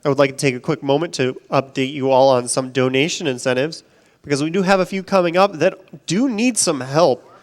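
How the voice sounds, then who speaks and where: A man's voice: fairly high pitch, a little fast. A man with a slightly raised voice reads donation messages aloud at a live gaming marathon. He sounds upbeat and keeps pushing the audience to give toward the next goal. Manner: upbeat, urging viewers to donate. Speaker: donation reader. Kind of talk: live charity stream donation reading. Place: event stage.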